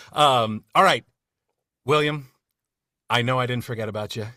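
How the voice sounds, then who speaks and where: A man's voice: mid-range voice, sing-song, slow pace, bright, forceful tone. A man leading a casual podcast chat among voice actors, friendly and rambling with many fillers and restarts. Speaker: cast member leading a retrospective discussion.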